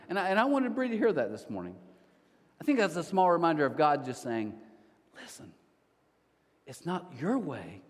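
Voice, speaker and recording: Male pastor, conversational sermon delivery, expressive and high-ish, big room reverb. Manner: conversational, animated storytelling with quick restarts. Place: church auditorium. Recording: church hall reverb.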